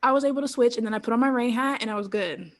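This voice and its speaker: A woman in her thirties, a guest on an interview podcast, telling her story in an animated way full of "like" and quoted thoughts. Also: on the high side, rapid-fire, a crowd in the background. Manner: animated storyteller, quoting herself, frequent "like" and laughs. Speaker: interview guest, former pro cheerleader.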